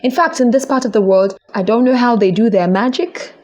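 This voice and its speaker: A young woman hosting a podcast, talking in an earnest, encouraging way with lively swings in her voice. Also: on the high side, a little fast. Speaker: podcast host. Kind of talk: casual monologue.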